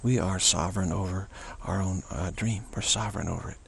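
Gravelly low-voiced man teaching spirituality. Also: fairly even intonation, a little fast, a bit bright. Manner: rambling and repetitive, with frequent restarts. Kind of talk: unscripted spiritual teaching monologue.

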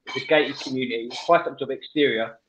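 Male radio host, lively storyteller. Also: medium pitch, fast. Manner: animated storyteller, laughs often, restarts mid-sentence. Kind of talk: casual radio banter. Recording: muffled lo-fi audio.

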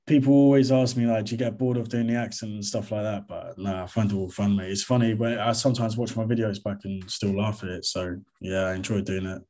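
Chill guy in his 20s, lowish voice, easygoing chat as a guest. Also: a little fast, few pauses. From England. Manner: relaxed and chatty, says "mate" and "to be honest". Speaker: interview guest, comedy content creator. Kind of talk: casual interview chat.

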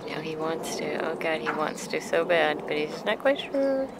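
A woman talks her way through a walk outdoors, narrating wildlife and cooing at the animals as she films. Her voice has a gravelly edge, and the handheld camera picks up plenty of outdoor noise around her. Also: low voice, expressive, moderate pace. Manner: chatty, coos affectionately at animals. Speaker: vlogger filming wildlife. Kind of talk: casual narration while filming. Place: outdoors by a street and pasture. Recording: noisy outdoor camera audio.

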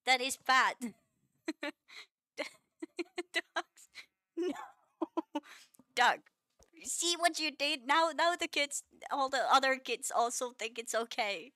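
Woman streamer, slightly high and bright voice, unhurried, playful mock-scolding with frequent laughs. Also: no echo. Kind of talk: casual live-stream chat with viewers.

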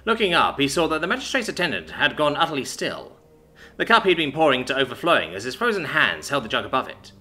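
A man narrating a fantasy story in an expressive, dramatic reading. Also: on the high side, fast talker. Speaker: audiobook narrator. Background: faint background music.

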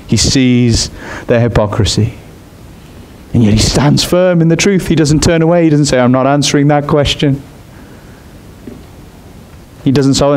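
Expressive male preacher, rising pitch. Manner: expressive, climbs high on emphatic points. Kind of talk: sermon.

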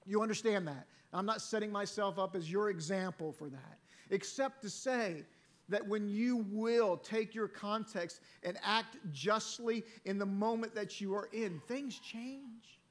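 A man's voice: high voice, unhurried. Storytelling male pastor preaching a sermon. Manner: storytelling preacher, swings between loud emphasis and quiet scripture reading. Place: church sanctuary.

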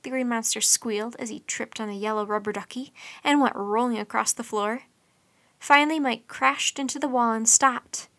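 A woman reads a children's bedtime storybook aloud, lively and expressive. Her voice is bright and sits a little high. The sound is dry and close. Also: moderate pace, dry recording.

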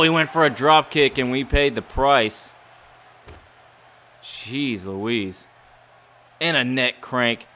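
A man giving excited play-by-play commentary on his own wrestling video game match like a ring announcer. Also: a little high. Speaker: gaming YouTuber.

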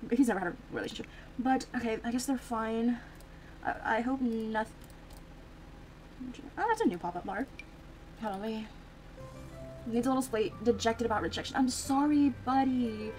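A woman's voice: on the high side, normal speed, long pauses, darkish tone, soft background music, poor audio. Chatty young woman narrating her Sims game. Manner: chatty, reacts aloud to the game, frequent fillers. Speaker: Sims gameplay streamer. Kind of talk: casual gameplay commentary.

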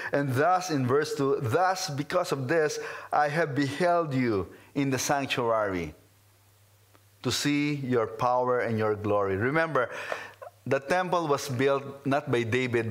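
A pastor with a first language other than English, preaching a sermon in a slow, earnest, reflective way with many pauses. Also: male voice, medium pitch. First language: not English. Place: in his car.

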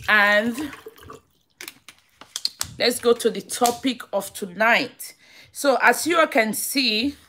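A woman with a Nigerian accent telling a story on a live stream, animated and repetitive, stopping to greet viewers by name. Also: medium pitch. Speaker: vlogger.

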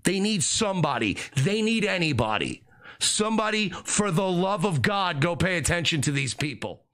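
A man's voice: high voice, big pitch swings, moderate pace, fairly bright tone. A man ranting sarcastically on a live stream, mock-pleading with his viewers.

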